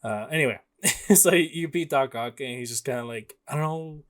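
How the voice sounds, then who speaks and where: A man's voice: medium pitch, moderate pace. A young man chatting casually about a video game as a podcast co-host, rambling with lots of fillers and frequent laughs.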